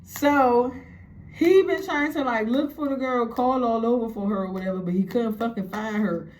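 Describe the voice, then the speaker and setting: A woman telling a story casually, animated and profane, acting out the quotes. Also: fairly high pitch, normal speed, slight background noise.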